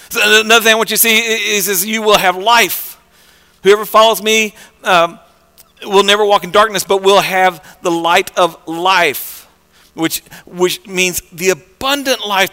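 A pastor preaching a conversational sermon, repeating words and swinging between soft and loud passages. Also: male voice, high voice, moderate pace, long reverb tail.

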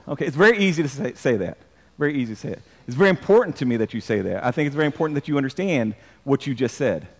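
A man's voice: medium pitch, darkish tone, long reverb tail. A man preaching a sermon as pastor, emphatic, repeating words and drawing the congregation into responses.

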